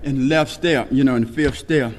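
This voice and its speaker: At a speaker meeting in a meeting hall, a Texas man with a mid-range voice gives his recovery testimony at a brisk clip. He preaches in rhythmic lists, shouting and laughing early on before growing quiet and hushed. A podium microphone captures him, with hall reverb and faint noise.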